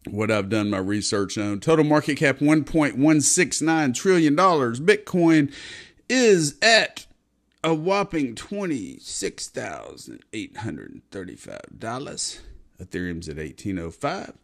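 A man's voice: medium pitch, very animated, measured pace. A man in his fifties from Texas, hosting a casual crypto commentary video in a blunt, profane, talkative way. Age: 50s. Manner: blunt, profane, chatty with swings of loudness. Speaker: crypto show host.

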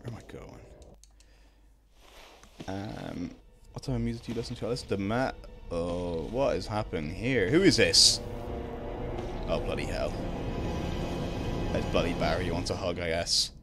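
A young man streaming a horror game, swearing a lot and breaking into loud excited shouts. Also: deep voice, normal speed, pauses often, music in the background. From Ireland. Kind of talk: live gaming commentary.

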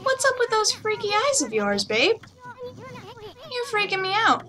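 A woman's voice: extremely high pitch, a little slow, voice pushed up, exaggerated voice. A woman doing a brash tiny male sprite. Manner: cocky, flirty, excitable. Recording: game music behind voice.

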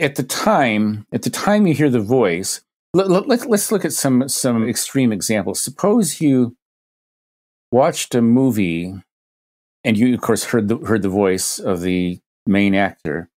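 A man's voice: lowish voice, darkish tone. A man, a guest expert on a podcast, explaining ideas through hypothetical examples, thinking aloud with frequent restarts.

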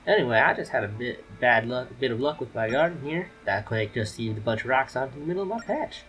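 A man's voice: mid-range voice, lively intonation, fast, fairly bright tone, highs cut off, soft background music, voice pushed up, lightly acted. A man voicing a friendly male farmer in a video game, chipper and eager.

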